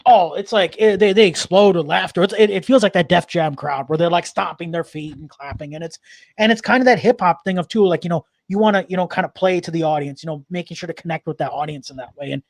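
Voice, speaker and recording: A man's voice: high voice, fast talker, vocal fry, dry recording. A man, a guest comedian, chatting in an interview with enthusiastic, rambling talk full of restarts. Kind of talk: casual interview chat.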